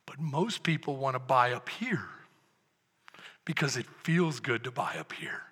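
A man preaching a sermon as pastor, moving from quiet talk to loud, shouted preaching. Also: mid-range voice, lively intonation, a little slow, slightly rough. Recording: echoey hall with long reverb.

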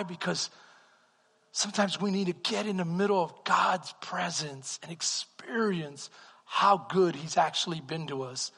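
A middle-aged man preaching a sermon as pastor, telling stories animatedly and swinging between hushed and loud delivery. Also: high-pitched, breathy edge. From Texas. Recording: echoey hall reverb.

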